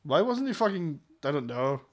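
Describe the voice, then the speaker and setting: A man's voice: a little high, sing-song, moderate pace. A man co-hosting a crude comedy podcast, reading news articles aloud and breaking off into profane, sarcastic asides.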